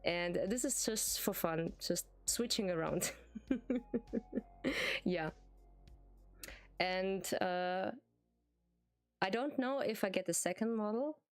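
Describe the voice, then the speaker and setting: A native German speaker streams with a German accent, chatting casually in English at a slow pace with frequent pauses and a medium-pitched voice. Faint music plays behind her as she hesitates, giggles, and fills her speech with fillers and restarts.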